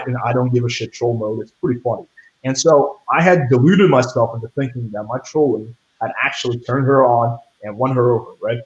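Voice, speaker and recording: A man's voice: medium pitch, muffled recording. A young man telling a story in a casual interview, blunt and profane, full of fillers like "like" and "right". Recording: echoey room.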